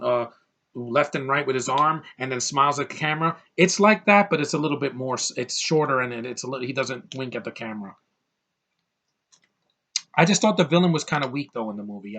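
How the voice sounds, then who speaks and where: Male vlogger, mid-pitch, heated fan rant, punchy and defiant. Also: a bit bright. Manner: passionate, ranting, swears mildly. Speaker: movie reviewer. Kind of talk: excited movie review rant.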